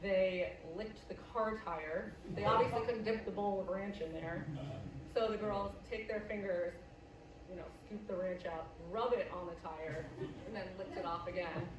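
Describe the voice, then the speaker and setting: A young woman from the US Midwest telling a stand-up story with brash, deadpan punchlines and plenty of swearing. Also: mid-range voice, normal speed, far from the mic, lo-fi sound, noisy background. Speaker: stand-up comedian. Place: comedy club stage. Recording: roomy live club, loud audience laughter.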